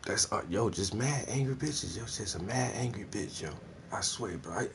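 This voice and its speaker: A man's voice: on the low side, lively intonation, moderate pace, noisy background. A man ranting casually about his neighbors, slangy, profane and full of laughs. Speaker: vlogger, artist. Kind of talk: casual rant.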